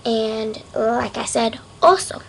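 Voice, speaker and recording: A woman of Mexican background giving a casual webcam vocabulary lesson at her desk, unsure of herself and repeating words slowly. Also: on the high side, heavy background noise. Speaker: amateur language teacher. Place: home room at a desk.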